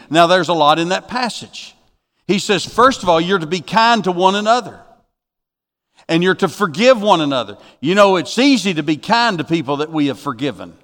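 A man preaching a sermon as pastor, folksy, moving from quiet asides to emphatic bursts. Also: on the high side. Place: church sanctuary. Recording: long reverb of a church hall.

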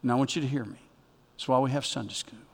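A man preaching a sermon as pastor, with emphatic delivery that swings from loud bursts to quiet asides. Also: mid-range voice, quick pace, vocal fry, slightly rough. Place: church sanctuary. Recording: long reverb of a church hall.

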